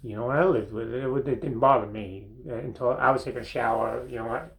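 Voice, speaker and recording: A man's voice: medium pitch, poor audio. Older man rambling a toilet anecdote. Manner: rambling, halting anecdote with restarts and chuckles. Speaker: comedy monologue host. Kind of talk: seated storytelling monologue. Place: bathroom, seated on a toilet.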